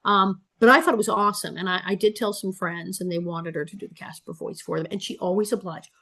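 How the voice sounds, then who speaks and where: Woman in her 60s, podcast guest, lively storyteller with frequent laughs. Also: mid-range voice, fast. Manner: animated storyteller, laughing often. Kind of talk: casual interview storytelling.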